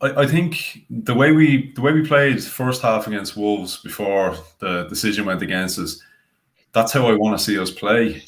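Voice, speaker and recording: A man with a somewhat low voice weighs his views slowly and thoughtfully. He fills his analysis with casual asides as a fan pundit on a discussion panel. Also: poor audio. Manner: measured, thoughtful analysis with many "you know" fillers.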